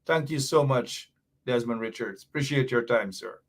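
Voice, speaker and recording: A man hosting a live political talk show, giving animated and emphatic commentary. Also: medium pitch, moderate pace.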